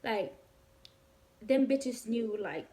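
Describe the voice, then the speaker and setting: A young woman tells a personal story straight to camera. Her voice sits a little high. She talks fast and animated, swears freely and fills her sentences with "like.". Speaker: vlogger. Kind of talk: casual storytime.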